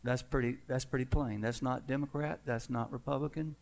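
A man, a pastor, preaching a sermon with emphatic swells and drawn-out, falling endings. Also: mid-range voice, fairly even intonation, vocal fry.

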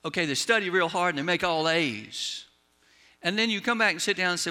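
A man preaching in a folksy storytelling way, his voice gravelly with a lot of fry. His tone is bright and forceful, pitched a little high for a man, and it sinks low at the close of each line. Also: expressive, a little fast. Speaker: pastor. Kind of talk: sermon.

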